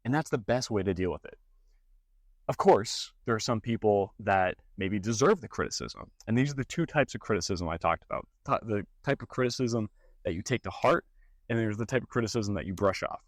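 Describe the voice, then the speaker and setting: With a fairly low voice and a fairly quick pace, a young fitness and gaming creator tells stories and shares advice casually to camera. He animates them with mocking put-on voices, and there's no echo.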